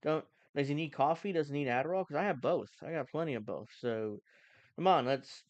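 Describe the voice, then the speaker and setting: A man talks over news clips on his home stream, mocking and ranting with a sarcastic edge. His voice sits a little high. The sound is dry and close to the mic. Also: fast talker, dry recording. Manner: sarcastic, mocking, animated rants. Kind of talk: casual live-stream commentary. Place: home, cooking during stream.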